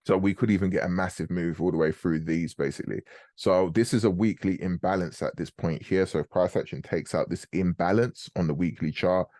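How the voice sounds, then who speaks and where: Brief: young male host, very low voice, dry close sound, quick casual trading talk. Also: fairly even intonation, darkish tone, no room sound. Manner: fast, casual and explanatory, slangy. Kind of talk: live trading commentary on a group call.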